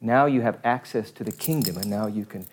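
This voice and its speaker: Low-voiced man preaching a casual sermon. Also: fairly quick, a little hiss or hum. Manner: conversational, rambling, self-deprecating asides. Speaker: pastor.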